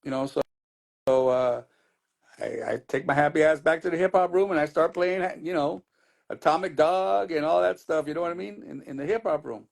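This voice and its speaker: A middle-aged man with a rough, gravelly voice talks as a DJ guest in a casual interview. His voice sits a bit high for a man. He tells his story loosely, with many fillers and restarts. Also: normal speed, a little mellow.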